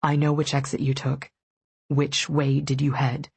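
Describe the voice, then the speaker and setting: Woman playing an anxious young man, husky, lowered voice, urgent, dry audiobook sound. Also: completely flat delivery, a little slow, dry recording, exaggerated voice. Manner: urgent, low and hushed. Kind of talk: audiobook dialogue.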